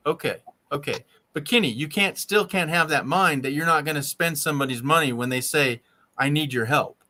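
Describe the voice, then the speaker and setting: Male host, emphatic coach type, slightly high and bright, always checks in with the listener. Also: brisk. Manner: emphatic, keeps checking in with "right?" and "okay?". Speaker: RV channel host. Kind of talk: casual coaching chat.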